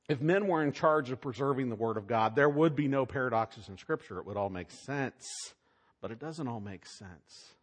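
Animated preacher in a reverberant hall. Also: male voice, mid-range voice, fairly quick. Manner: dramatic swings from loud emphatic to hushed. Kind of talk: sermon.

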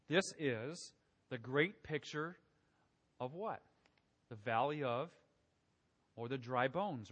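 A man's voice: medium pitch, fairly bright tone. A man preaching a conversational sermon, often asking his listeners questions as he works through scripture. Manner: conversational, asks the congregation questions. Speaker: pastor. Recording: long hall reverb.

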